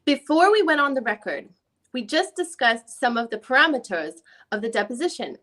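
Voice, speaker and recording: A woman's voice: sits high, big pitch swings, moderate pace, fairly bright tone. A woman reading the part of a defense lawyer with a put-on Jamaican accent, questioning a witness in a formal, methodical way during an amateur dramatic reading.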